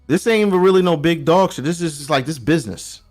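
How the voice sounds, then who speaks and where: A man's voice: fairly high pitch, fast, faint music behind. A middle-aged man from Brooklyn, telling stories as a guest on a casual podcast. He talks in street slang and restarts his sentences a lot. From Brooklyn, New York. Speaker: guest checking in from abroad.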